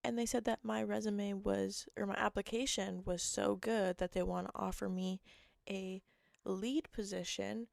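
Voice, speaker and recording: A young woman hosting her own podcast, hoarse and rambling, jumping between thoughts and cutting herself off. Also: medium pitch, steady tone, unhurried, darkish tone, no echo, studio quality. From Canada. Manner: rambling, jumpy, self-interrupting. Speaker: podcast host. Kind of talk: casual solo chat.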